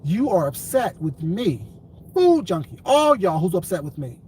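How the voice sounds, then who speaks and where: A high-voiced man rants straight to his viewers, swearing freely and hammering the same point over and over. A faint hiss of background noise sits under the voice. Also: very animated, unhurried, warm tone, rough recording. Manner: profane, repetitive, confrontational. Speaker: commentary vlogger. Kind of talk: ranting commentary vlog.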